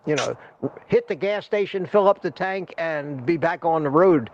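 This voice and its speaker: Male stream host, high-pitched, chatty and repetitive, muffled lo-fi sound. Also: expressive, moderate pace, darkish tone. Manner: laughing, upbeat, repeats himself. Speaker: livestream host. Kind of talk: casual group chat.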